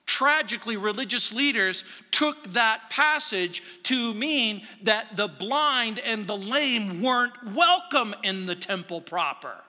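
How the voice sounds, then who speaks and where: A man preaching a verse-by-verse sermon in a church sanctuary, dramatic, swinging between loud emphasis and hushed asides. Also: high-pitched. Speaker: pastor. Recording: long hall reverb.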